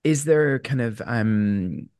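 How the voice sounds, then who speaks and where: A man's voice: mid-range voice, lively intonation, takes it slowly, darkish tone, clear, resonant tone, no room sound, clean studio sound. A man hosting an interview, asking long rambling questions with lots of restarts. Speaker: podcast host, vet. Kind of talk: casual interview chat.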